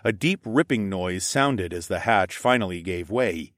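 A man narrating a first-person fantasy adventure audiobook in an expressive, wry and profane manner. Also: low-pitched, a little slow, no room sound, clean studio sound.

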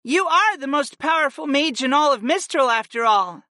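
A man's voice: very high voice, lively intonation, moderate pace, bright, forceful tone, dry recording, studio quality, voice pushed up, exaggerated voice. A man voicing a proud, doting female goddess in an audiobook, emphatic and adoring. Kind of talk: audiobook character voice.

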